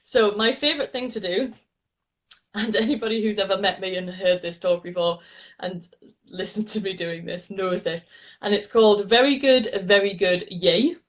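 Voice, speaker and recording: A woman's voice: mid-range voice, normal speed. A cheerful woman with a Northeast English accent talks through laughter yoga in an interview. She is bubbly and breaks into laughter often. The sound is a little dull and lo-fi, like a video call. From Northeast England. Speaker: laughter yoga teacher, guest. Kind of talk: enthusiastic interview, teaching demo.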